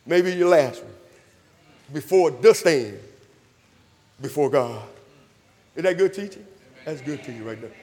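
A man preaching a sermon, calling for responses, repeating his phrases and rising to loud emphatic peaks. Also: a little high, in a large hall. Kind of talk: sermon with invitation call. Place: church hall.

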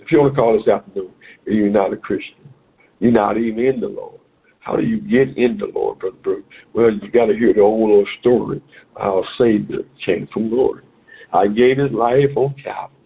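A man's voice: lowish voice, gravelly. A man preaching a Bible lesson with rhythmic, repetitive phrasing, as on a call-in radio program. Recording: tinny phone-like radio audio.

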